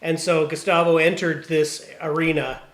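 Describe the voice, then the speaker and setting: A man, a band member co-hosting a casual podcast, upbeat and quick to laugh. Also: a little high, little pitch movement, roomy sound.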